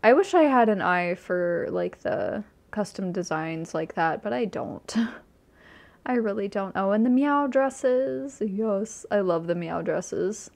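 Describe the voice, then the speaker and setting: A woman's voice: mid-range voice, big pitch swings, slow, creaky, a little mellow. A woman giving casual, gushing commentary while she tours a game island, easily delighted and chatty. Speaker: streamer touring a game island.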